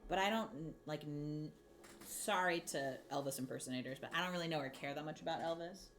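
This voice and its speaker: A woman's voice: sits low, brisk, a bit bright, a little hiss or hum. A woman hosting a crafting livestream, chatting casually and rambling while she answers her chat. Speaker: livestream host.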